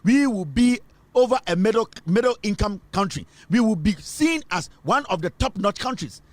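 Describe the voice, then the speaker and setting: A man's voice: high-pitched, animated, normal speed, no echo. A man with a Ghanaian accent giving emphatic political news commentary, switching between English and Twi.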